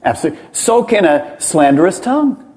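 A man's voice: high-pitched, very animated, brisk, a little mellow. A man, a pastor, preaching a sermon with emphatic rhetorical questions.

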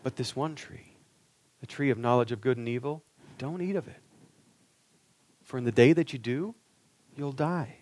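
A preacher voicing God, a caring provider. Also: male voice, mid-range voice, normal speed, long pauses, no room sound, lightly acted. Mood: warning. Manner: gentle, reassuring.

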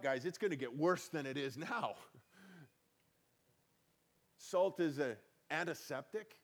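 A man is preaching to his congregation in a relaxed, talky way. He laughs easily, then leans hard into his key lines and lifts his slightly high voice. He keeps it personal and direct. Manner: conversational preaching with laughs and emphatic swells. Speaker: pastor. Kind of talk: sermon.

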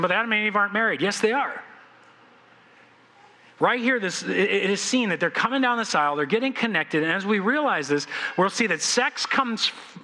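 A man preaching a sermon as pastor, animated and playful, acting out the scenes he describes. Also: high-pitched, big-room sound, poor audio. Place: church sanctuary.

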